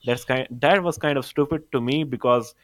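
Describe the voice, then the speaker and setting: A man's voice: mid-range voice, normal speed, rough recording. A man from South Asia in casual stream chat, opinionated and swearing freely.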